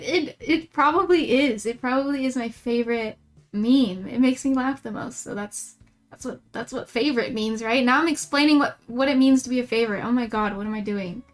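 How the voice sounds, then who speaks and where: A woman's voice: on the high side, normal speed. A young woman streaming live as she draws, chatting casually in a rambling, giggly, self-mocking way. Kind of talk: casual livestream chat while drawing.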